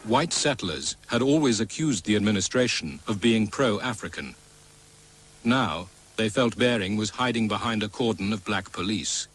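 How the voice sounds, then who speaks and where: A man narrating a historical documentary in a measured, formal way. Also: lowish voice, lively intonation, fairly bright tone, poor audio. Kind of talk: scripted narration.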